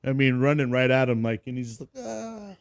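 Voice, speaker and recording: Marine vet host, swears a lot, acts out every quote, dry close mic. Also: male voice, mid-range voice, fast talker, clean tone, dry recording. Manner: profane, animated storyteller acting out quotes. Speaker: podcast host, Marine veteran. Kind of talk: casual podcast chat.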